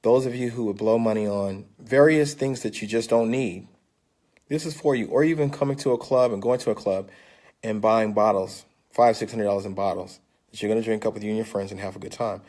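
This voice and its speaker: A man's voice: fairly low pitch, brisk, darkish tone. An older man talking into his phone camera in a casual vlog, coaxing and salesy, and often checking in with his listeners. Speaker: vlogger pitching an investment. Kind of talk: casual persuasive vlog talk.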